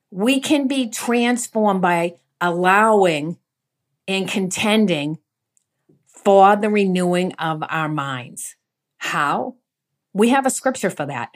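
A woman giving earnest devotional teaching, emphatic and asking the listener questions. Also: mid-range voice. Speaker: Bible teacher.

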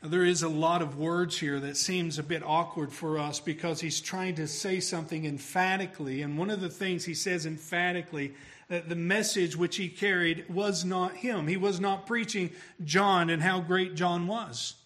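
A man preaching a sermon emphatically, his voice swelling louder on key phrases. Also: fairly high pitch, steady tone, moderate pace.

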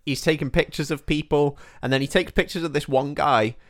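A man's voice: on the high side, steady tone, a little fast. A man co-hosting a podcast, casually recapping a film plot with frequent laughter. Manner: recounts the plot, laughs often. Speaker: podcast co-host.

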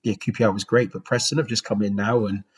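A Bristol-accented former goalkeeper in his forties recounts stories in a casual, rambling interview, restarting many times. His voice is on the low side, steady, husky, and fast. He is from Bristol, England, and the recording is rough.

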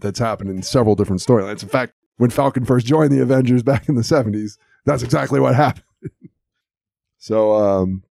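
A man with a lowish, mellow voice co-hosts an audio podcast, recapping a cartoon episode in casual chat. He's chatty and amused, laughing often, and the recording is dry.

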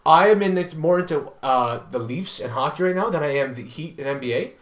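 A man co-hosting a casual sports podcast, talking quickly with frank opinions and swearing. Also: fairly high pitch, expressive, roomy sound. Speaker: podcast co-host.

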